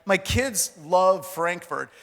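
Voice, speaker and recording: A middle-aged American man telling a comic story on a conference stage, casual and animated, with slang and mild swearing. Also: high-pitched, slow. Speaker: conference speaker. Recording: reverberant conference hall.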